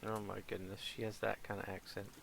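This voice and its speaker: A gravelly man with a fairly low pitch talks briskly in a flat delivery, with background noise present. He is a father and gaming streamer from England with a British accent, broadcasting from a home green-screen setup. He offers loose, casual commentary on the game, wandering off topic and replying to the characters.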